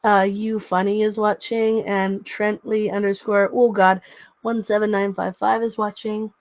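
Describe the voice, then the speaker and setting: A young woman chats on her livestream in a loose, rambling way, now and then cooing baby talk at her dog. Her voice sits at an ordinary middle pitch. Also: flat delivery, measured pace, a little mellow, dry recording. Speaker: livestream host. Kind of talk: casual livestream chat.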